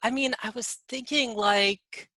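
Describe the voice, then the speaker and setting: A player at a tabletop game, chatting casually and checking details with the game master. The voice is bright and mid-pitched. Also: a little slow, no echo. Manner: careful, asks to clarify.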